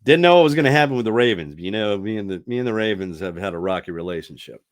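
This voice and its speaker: A middle-aged radio host chatting casually on his podcast. His voice sits a bit low and swings widely in pitch. He rambles, laughs often and trips over his own restarts. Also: animated, fast.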